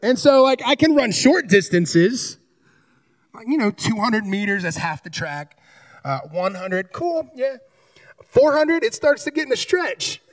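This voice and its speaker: A man preaching a sermon, telling a personal story in an animated way and acting out its scenes. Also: extremely high pitch, unhurried, no echo, far from the mic. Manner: animated, acts out scenes and voices in his story.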